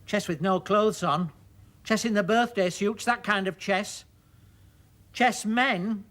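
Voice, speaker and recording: Stage monologue: a self-pitying, sharp-tongued mother in her seventies, played by a man, high and swooping. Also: very animated, measured pace, slightly rough, heavily acted. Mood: shrill, accusing. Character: tearful, sharp-tongued elderly mother, aged 72.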